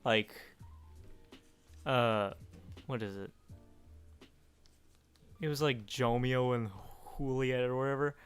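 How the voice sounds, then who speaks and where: A teenage boy on a podcast, his voice smooth and clear. He chats casually and drops in quick jokes. Faint music plays underneath. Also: mid-range voice, steady tone. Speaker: podcast co-host. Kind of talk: casual chat.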